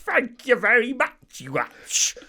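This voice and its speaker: A man voicing a caricature Cockney man in a mock Cockney accent, loud and high, drawing out his words. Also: huge pitch swings, slow, heavily acted. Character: exaggerated Cockney man, chirpy, rude.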